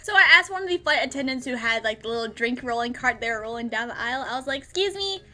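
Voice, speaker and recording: A woman in her twenties from the United States, telling a story in a casual vlog, lively and laughing as she acts out her own lines. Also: a little high, quick pace. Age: 20s. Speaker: gaming YouTuber.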